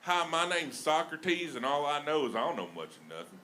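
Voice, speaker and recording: A folksy redneck philosopher, which a man puts on, drawling his words in a thick Alabama accent. He talks slowly and homespun, his voice bright and a touch higher than plain talk. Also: very animated, slight background noise. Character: Socrates as a folksy Southern redneck.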